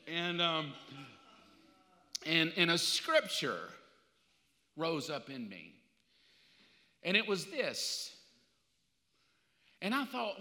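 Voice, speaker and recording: A middle-aged male pastor preaching a sermon in a casual, animated storytelling way. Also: on the high side, extremely slow, long pauses. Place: church sanctuary. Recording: reverberant church hall.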